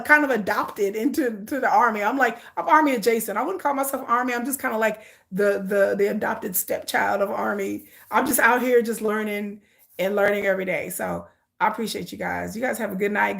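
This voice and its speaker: Gravelly-voiced chatty woman streamer. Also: mid-range voice, brisk, fairly bright tone. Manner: chatty, repetitive, emphatic, addresses viewers as y'all. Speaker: live stream host. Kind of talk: casual livestream commentary.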